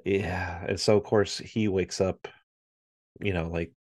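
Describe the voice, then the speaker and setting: A man's voice: low-pitched, slow pace, dry recording, clean studio sound. A man in his thirties, a podcast co-host, telling a story in casual chat and acting out his family's voices. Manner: animated storyteller, acts out family members' voices.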